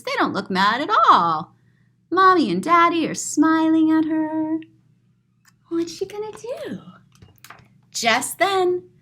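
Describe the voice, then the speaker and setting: A woman reads a picture book aloud to children in a high, bright voice. She swoops widely in pitch and takes her time, describing each picture with gasps and exclamations. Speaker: teacher reading to children. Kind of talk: expressive children's read-aloud.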